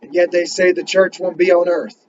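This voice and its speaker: Earnest male preacher, high-pitched, builds to emphatic questions and reads scripture slowly; muffled recording. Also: flat delivery, noisy background. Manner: reads scripture slowly in King James wording. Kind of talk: sermon.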